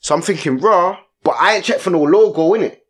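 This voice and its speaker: A man's voice: a little high, fast, husky. A young man, telling a story in casual podcast chat, full of slang and tag questions. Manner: slangy, animated storytelling with lots of "innit" and "you get me". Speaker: podcast co-host.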